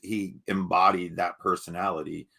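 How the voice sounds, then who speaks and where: Here the man's deep, gravelly voice comes across bright and forceful with a breathy edge, though his delivery is flat and his speed normal. He's a podcast co-host in casual chat, laid-back and rambling, leaning on filler phrases like "you know what I mean."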